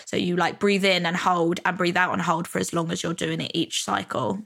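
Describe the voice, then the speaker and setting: A woman's voice: lowish voice, brisk, gravelly, hardly any pauses, a bit bright. Chatty woman podcaster. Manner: chatty, lots of fillers like "you know" and "like". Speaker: podcast host. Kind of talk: casual self-help podcast monologue.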